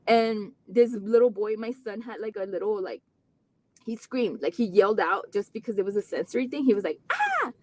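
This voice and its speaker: This mother, a parent guest in a live interview, talks a little fast in a mid-range voice. Her candid storytelling about her family is earnest and heartfelt, with long run-on sentences and lots of "like" fillers, and she gets animated retelling conversations.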